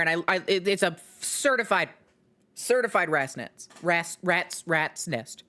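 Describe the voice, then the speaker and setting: Animated rambling woman streamer. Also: low voice, normal speed. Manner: rambling, animated, self-interrupting with many fillers. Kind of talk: casual live-stream chat.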